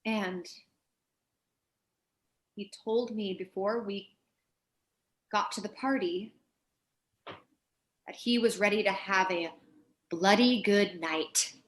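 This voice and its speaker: A woman's voice: mid-range voice, slow, long pauses, lightly acted. A woman playing a blunt, scheming wife. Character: scheming, blunt wife accusing her husband.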